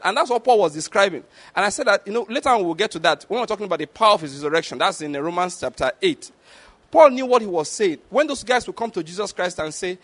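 A middle-aged man preaching a sermon, animated and full of rhetorical questions, acting out the quotes he tells. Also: high-pitched.

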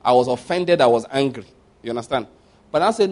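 A man preaching a conversational sermon, repeating phrases for emphasis and swinging between quiet and loud passages. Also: mid-range voice, animated, fairly quick.

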